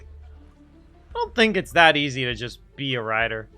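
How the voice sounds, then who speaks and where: A man streaming a game playthrough, excitable, laughing often and quipping at the characters. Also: medium pitch, normal speed, soft background music.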